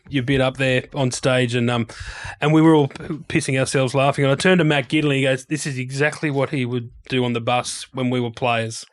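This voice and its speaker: Aussie guy hosting a podcast, chatty and laid back, asks long questions. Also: medium pitch. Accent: Australian. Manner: relaxed, matey, rambling questions. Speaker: podcast co-host. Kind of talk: casual chat.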